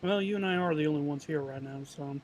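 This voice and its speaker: Offhand dry guy playing a tabletop game, kinda high voice, chatting with the table. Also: fast talker, a little mellow, a little hiss or hum. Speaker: player. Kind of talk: casual chat during a tabletop game.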